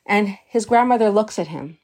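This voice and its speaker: A woman's voice: mid-range voice, expressive, normal speed, a little mellow. Earnest woman teaching Torah. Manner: earnest, emphatic, sprinkles Hebrew terms. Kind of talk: storytelling lesson.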